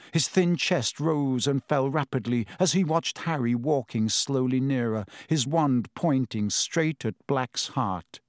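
A man reading a fantasy novel aloud in measured, dramatic audiobook narration. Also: fairly high pitch, no room sound, clean studio sound.

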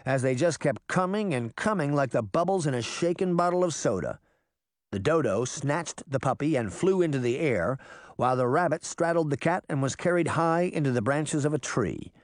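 Male audiobook narrator, animated and a touch high, dry close recording. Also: no room sound. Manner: lively storytelling voices. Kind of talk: scripted narration.

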